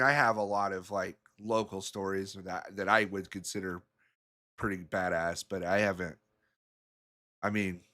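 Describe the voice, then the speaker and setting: Man, lowish voice, pool match commentator, casual rambling anecdotes, frequent chuckles. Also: a bit bright. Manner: rambling storyteller, chuckles often.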